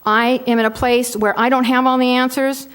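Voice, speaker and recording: A woman's voice: high-pitched, fairly even intonation, normal speed, a bit bright, smooth. A woman in her sixties, a board member giving a firm, persuasive statement at a public meeting. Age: 60s.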